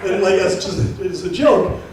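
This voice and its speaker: A young man performing a stand-up comedy routine, telling a story in an animated way and acting out the people in it. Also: high-pitched, measured pace, a little hiss or hum. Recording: roomy live venue, mic from a distance.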